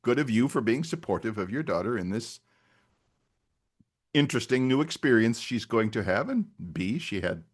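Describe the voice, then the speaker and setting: A man's voice: medium pitch, expressive, normal speed. A male podcast co-host in casual chat, chatty, laughing often and trailing off mid-sentence.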